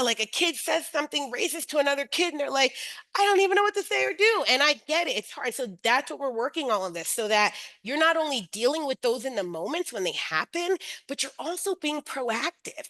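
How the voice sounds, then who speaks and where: A woman's voice: fairly high pitch, pushed and bright, low-quality recording. A middle-aged woman presenting an educational webinar as a teacher educator, often checking in with her listeners by asking "right?".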